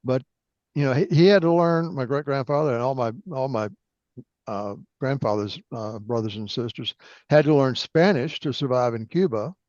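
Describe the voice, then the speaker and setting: A man's voice: medium pitch, normal speed, a little mellow, no room sound. A man talks over an online call. His voice comes through dull and dry, with no room sound. He asks questions, then wanders into long, meandering stories. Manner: rambling, tangential storyteller. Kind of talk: casual conversation on a call.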